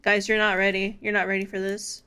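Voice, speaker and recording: A woman's voice: medium pitch, monotone, brisk, pushed and bright, smooth. A young woman streaming, chatting casually with her viewers, giddy and laughing often. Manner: giddy, laughs often, talks straight to chat.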